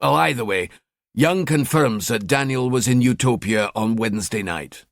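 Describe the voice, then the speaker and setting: A man's voice: medium pitch, normal speed, gravelly, no room sound, clean studio sound, close to an everyday voice. A man voicing a cheeky, sardonic male police detective in an audiobook. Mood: wry. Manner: wry, chatty.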